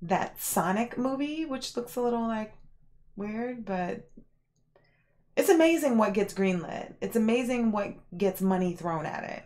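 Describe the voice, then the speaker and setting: A woman hosting a livestream, casually chatting and answering viewers, rambling with lots of fillers and animated reactions. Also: mid-range voice. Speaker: livestream host.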